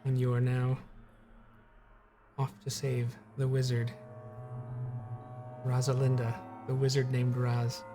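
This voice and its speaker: A man running a tabletop game as game master, playful and quick to laugh. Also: mid-range voice, monotone, over music. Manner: playful, joking, laughs a lot.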